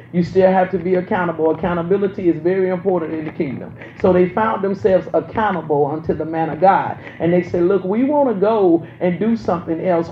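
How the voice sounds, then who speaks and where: A man preaching a sermon, emphatic and repetitive, swinging from loud to hushed. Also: high voice, a little hiss or hum. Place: church sanctuary. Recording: roomy, dull sound with faint ambience.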